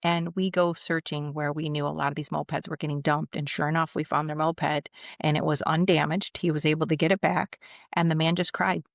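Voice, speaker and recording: This retired police commander, a middle-aged woman, shares anecdotes from her career on a podcast, bringing them to life by performing the quoted voices. Her deep voice has vocal fry and a flat delivery at a fairly quick pace. The sound is clean studio audio with no room noise.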